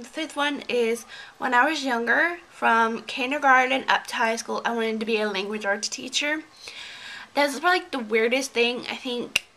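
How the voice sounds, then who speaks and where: A woman's voice: fairly high pitch, sharp tone, a little hiss or hum, rough recording. A young woman from Georgia chatting casually in a vlog, rambling with lots of fillers and little laughs. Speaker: beauty vlogger. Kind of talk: casual tag video chat.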